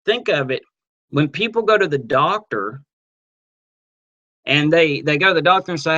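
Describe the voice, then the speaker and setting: A man teaching a webinar on network marketing, casual and energetic, acting out little sales dialogues as he goes. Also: on the high side, normal speed, long pauses, dull audio. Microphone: computer mic on a webinar.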